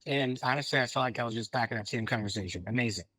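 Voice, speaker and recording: Sex: male. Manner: fast-talking guest who cuts in. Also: medium pitch, bright, forceful tone, no echo, poor audio. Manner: quick, eager interjections.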